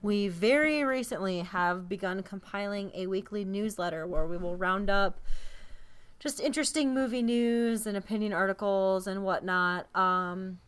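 Woman, podcast host, casual chat, giggly, rambling, middle-pitched voice. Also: moderate pace, smooth. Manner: laughs often, chatty and rambling.

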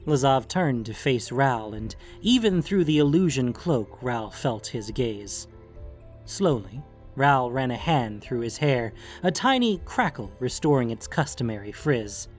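A male audiobook narrator tells a fantasy story with lively, animated intonation. Soft music runs underneath the reading. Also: mid-range voice, measured pace. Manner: expressive storytelling. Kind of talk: scripted narration.

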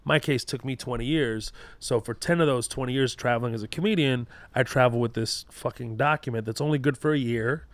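A man's voice: mid-range voice, fairly quick, hardly any pauses, dry recording. A man who grew up in Kuwait, a comedian guest telling a story in a casual podcast chat, acting out voices and swearing freely.

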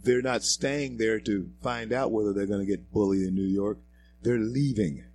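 A low-pitched man hosts a political talk show, talking in a preachy, fired-up way that keeps climbing into loud, emphatic outbursts. Between those outbursts he reads quotes aloud with stray fillers and restarts. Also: fairly even intonation, normal speed, slight background noise, poor audio. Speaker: show host. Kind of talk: political commentary monologue.

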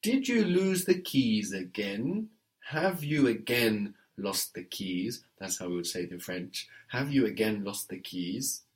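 A man teaching French one-on-one, walking his student through each sentence piece by piece. He speaks slowly and deliberately in a lowish voice, correcting gently. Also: animated. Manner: patient, prompts and corrects step by step. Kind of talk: one-on-one language lesson.

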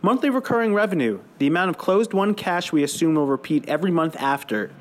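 A man's voice: on the high side, lively intonation, fast, pitched above the performer's own voice, lightly acted. A man reading the part of an eager young woman who earnestly recites sales jargon. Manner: earnest, textbook-like.

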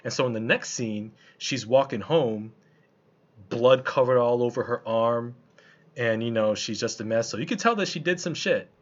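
In a slightly muffled, lo-fi recording, a man with a mid-range voice speaks at a moderate pace. He's reviewing a film he watched in an easygoing, colloquial way, restarting often and using lots of fillers.

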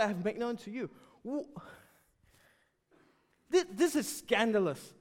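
A man preaching a sermon, emphatic and animated, often dropping suddenly to a quiet voice. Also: high-pitched, measured pace, pauses often.

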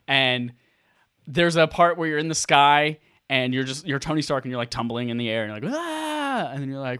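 Excitable swearing man, dry close sound. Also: medium pitch, no echo. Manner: excitable, swears freely, acts out his own reactions. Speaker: podcast co-host. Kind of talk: casual gaming chat.

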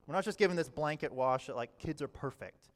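Conversational preacher man, fairly high voice. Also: fairly quick. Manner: conversational, frequent "all right" and "uh", swings between quiet and loud. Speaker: pastor. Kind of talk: sermon.

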